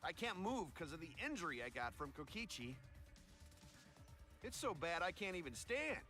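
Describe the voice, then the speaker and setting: Cocky young mech pilot: high, bright, swinging delivery. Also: male voice, sing-song, normal speed, soft background music. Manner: brash, breezy. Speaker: video game character.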